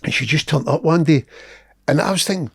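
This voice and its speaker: A man's voice: fairly high pitch, fairly quick, vocal fry, breathy edge. A middle-aged Scottish man, a guest comedian telling a rude anecdote on a podcast, swearing and laughing as he talks.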